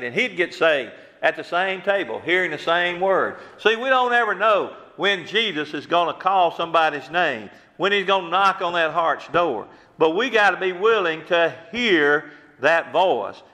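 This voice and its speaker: A man's voice: high-pitched, bright, forceful tone, big-room sound. A man preaching a sermon as pastor, earnest and repetitive, with many rhetorical questions.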